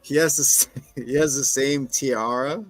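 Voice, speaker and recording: A man's voice: mid-range voice, fairly even intonation, unhurried, no echo, faint music behind. A man co-hosting a casual chat, animatedly retelling a TV episode and acting out the characters' lines. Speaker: podcast co-host recapping a TV episode.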